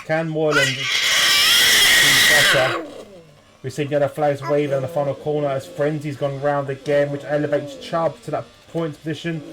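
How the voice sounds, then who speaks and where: A British man commentating a sim race, jokey and rising to excited shouts. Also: fairly high pitch, moderate pace. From United Kingdom. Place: home room with children nearby. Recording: loud background noise.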